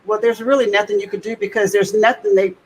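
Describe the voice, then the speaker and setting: A woman's voice: mid-range voice, steady tone, fast talker, slight background noise, low-quality recording. A woman asking probing interview questions. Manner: probing questions, brief affirmations. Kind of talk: conversational interview.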